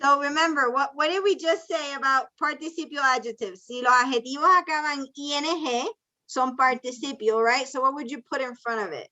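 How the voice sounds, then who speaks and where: Bright high-voiced woman teaching ESL. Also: brisk. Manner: encouraging, switches between English and Spanish explanations. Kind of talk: online class teaching. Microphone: video call. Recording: dull lo-fi video call audio.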